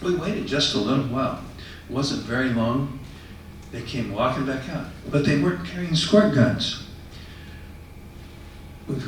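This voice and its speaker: A man telling a personal story to an audience in a conversational, animated way. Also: medium pitch, a little hiss or hum. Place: retirement residence common room. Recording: echoey room, mic far off.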